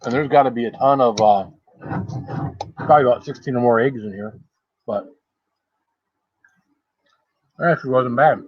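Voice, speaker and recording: A man's voice: mid-range voice, fairly quick, breathy edge, dry recording, dull audio. A man chatting casually on a live stream while eating, rambling and greeting viewers by name. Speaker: food challenge livestreamer.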